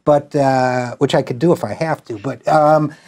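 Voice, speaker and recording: A middle-aged man from Utica hosts an interview with a middle-pitched voice. He poses long, rambling, musing questions that build before he hands over to his guest. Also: fairly even intonation, moderate pace, a little mellow. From Utica, New York. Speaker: host. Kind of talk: interview host conversation.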